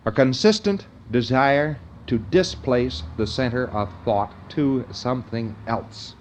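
A man's voice: medium pitch, takes it slowly, a little hiss or hum. A man giving an informal lecture in a conversational way, often checking in with his listeners.

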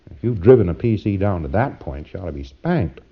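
A man's voice: sits low, sing-song, breathy edge. Man lecturing on a dull old tape. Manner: folksy, wry, acts out exchanges in quick asides. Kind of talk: recorded lecture to trainees.

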